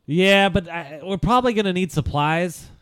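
A joking man hesitates through his turns at a tabletop game. His voice is smooth and resonant, recorded close and dry. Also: sits high, moderate pace, fairly bright tone, no echo. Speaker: player. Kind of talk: casual tabletop game chat.

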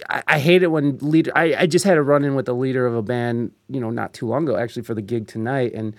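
A man's voice: mid-range voice, fairly even intonation, fast talker. A man in casual conversation, blunt and laughing often as he talks about playing music. His voice sits mid-range, and the sound is dry and close with no room echo. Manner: candid, profane, laughs often. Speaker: keyboard player. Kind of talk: casual chat.

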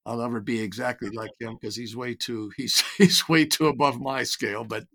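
Older man telling stories, halting. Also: mid-range voice, fairly even intonation, a bit bright. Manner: reflective storytelling with many restarts. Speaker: guest, writer and creator. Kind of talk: casual interview chat.

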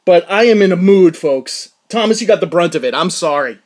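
A man hosting his own podcast, telling a story in a casual chat, excitable and swinging from loud laughing outbursts to low mutters. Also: a little fast. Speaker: podcast host. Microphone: podcast mic.

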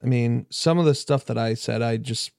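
A laid-back man joking around on a casual podcast, with a gravelly, fry-edged voice. He drags out his pauses. The mic is close and the room is dry. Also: medium pitch, darkish tone, dry recording. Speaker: podcast co-host.

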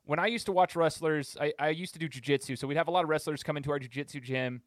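A man's voice: a little high, fast talker, no room sound, studio quality. A man hosting a podcast, asking rambling questions with lots of fillers in a conversational way. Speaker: podcast host. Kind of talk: conversational interview.

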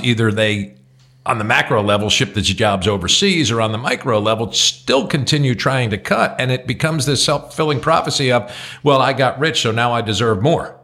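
A man's voice: medium pitch, sharp tone. Blunt, opinionated middle-aged man. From New Jersey. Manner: blunt, opinionated, swears freely. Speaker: podcast co-host. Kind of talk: casual chat.

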